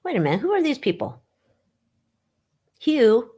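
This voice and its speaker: A woman hosting a casual livestream, mocking and gossipy, with loud exclamations, talking into her webcam. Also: a little high, big pitch swings, a little slow, husky. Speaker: livestream host reading tarot on tabloid stories.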